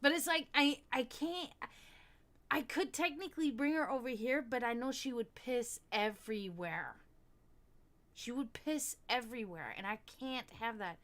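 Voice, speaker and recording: A woman's voice: fairly high pitch, moderate pace, a bit bright. A woman hosting a livestream, chatting casually and rambling, swearing often and laughing a lot. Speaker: stream host.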